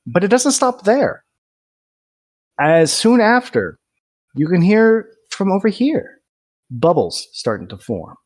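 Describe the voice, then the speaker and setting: A man's voice: sits high, slow pace, pauses often. A young man runs a tabletop game, his voice swinging widely up and down as he narrates. He laughs easily and talks casually with his players. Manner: lively, laughs often. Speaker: game master.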